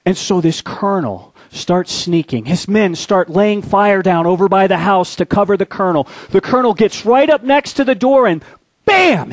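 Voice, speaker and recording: High-voiced man preaching a story-driven sermon. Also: no echo. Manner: storytelling, dramatic drops to quiet low voice. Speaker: pastor.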